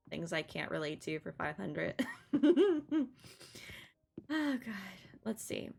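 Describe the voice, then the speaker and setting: A woman's voice: medium pitch, sing-song, slow, gravelly, long pauses, darkish tone. A young woman giving casual, giggly let's-play commentary as she plays a video game. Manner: chatty, giggly, playful. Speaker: gaming streamer.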